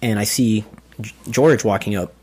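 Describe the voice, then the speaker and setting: A man's voice: lowish voice, moderate pace, husky. A man telling a funny story in casual chat, acting out what people said and laughing often. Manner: animated, acts out quotes, laughs often. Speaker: guest storyteller.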